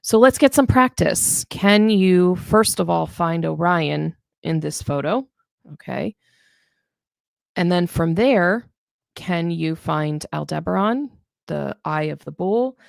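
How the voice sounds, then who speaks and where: A woman's voice: on the low side, expressive, slow pace, gravelly, dry recording, clean studio sound. A middle-aged woman teaching astronomy on a live stream, chatty and self-deprecating as she thinks aloud while marking up a star photo. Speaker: astronomy educator. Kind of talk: live-streamed screen-share lesson.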